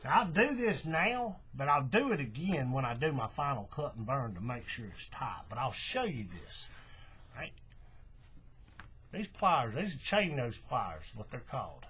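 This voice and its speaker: Husky man with a lively voice teaching. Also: medium pitch, a little slow. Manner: chatty, repeats "right?" and "okay", restarts and self-corrections. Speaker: paracord bracelet instructor. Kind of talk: casual how-to demonstration.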